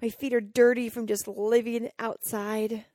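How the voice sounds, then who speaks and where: A woman's voice: fairly high pitch, little pitch movement, measured pace, mellow, no echo. Candid woman with a dry, close sound. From Colorado, US. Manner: candid and emotional, with many fillers and restarts. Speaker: podcast host. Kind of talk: personal storytelling.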